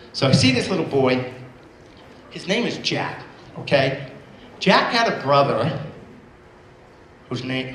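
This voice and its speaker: In a roomy hall with faint ambience and a little hiss or hum, a medium-pitched man in his sixties addresses a school assembly as guest speaker. He shares motivational stories and repeats key phrases for emphasis.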